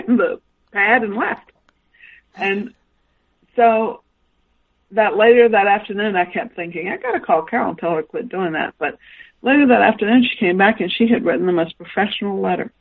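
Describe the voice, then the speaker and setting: A woman's voice: mid-range voice, phone-quality sound. A woman guest author telling anecdotes in a radio interview and acting out the dialogue she quotes. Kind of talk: storytelling interview.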